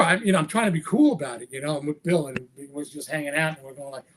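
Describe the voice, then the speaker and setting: Speaking quickly in a slightly high voice, a male magician guesting on a podcast recounts an anecdote with energy. He brings the quoted lines to life with lively voice changes.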